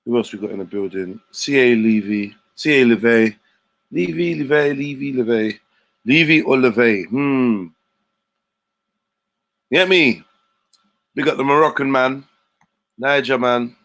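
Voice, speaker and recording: A man runs a casual livestream in thick street slang. He greets his viewers by name and keeps the talk loose and chatty in a middle-pitched voice. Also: a little slow, pauses often, a bit bright. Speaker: livestream host.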